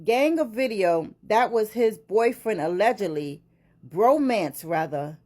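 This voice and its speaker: A woman's voice: mid-range voice, a little slow. A woman reading a celebrity news article aloud and reacting to it with frequent exclamations and asides, in a casual commentary style. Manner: animated, exclaiming and interrupting her own reading.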